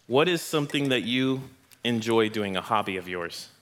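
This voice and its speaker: A man's voice: on the low side, lively intonation, moderate pace, fairly bright tone. A man leading a family Bible lesson in church, praising and joking with the children. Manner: encouraging, playful with kids. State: out of breath. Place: church hall with audience.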